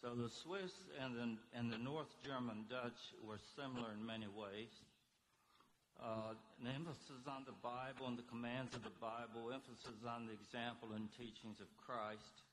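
A man giving an unscripted history lecture, halting often with fillers. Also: mid-range voice, fairly even intonation, a bit bright, a little hiss or hum, low-quality recording. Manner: halting, many fillers and pauses.

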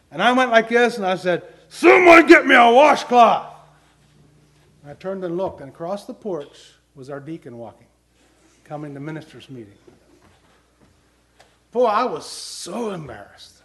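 A man's voice: a little high, expressive, normal speed, long pauses, fairly bright tone. A middle-aged man preaching a sermon, telling personal stories in an earnest way and building to emphatic questions.

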